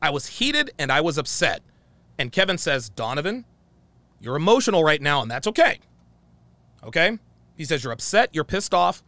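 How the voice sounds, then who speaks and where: A man's voice: a little high, big pitch swings, normal speed, long pauses, sharp tone, no echo. A man telling a heated story in a profane monologue, acting out the dialogue he quotes. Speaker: channel host.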